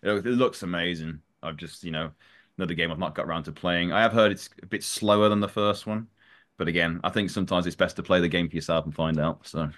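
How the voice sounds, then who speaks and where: A man, a voice actor, chatting in an interview in an animated, self-deprecating way, his voice swinging up and down. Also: low-pitched, fast talker. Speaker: voice actor guest. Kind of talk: casual interview chat.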